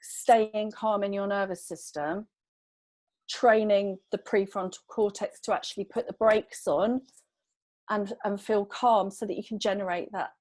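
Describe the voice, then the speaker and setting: A woman in her thirties on a video call, talking casually in a group chat and telling a story in a lively, self-deprecating way. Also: mid-range voice, unhurried, dry recording, poor audio. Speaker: podcast regular in sobriety group.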